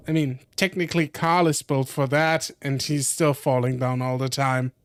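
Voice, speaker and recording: A young man streaming, reading a visual novel aloud with commentary, slowly and often correcting himself. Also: mid-range voice, fairly even intonation, smooth, dry recording. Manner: slow reading with frequent self-corrections.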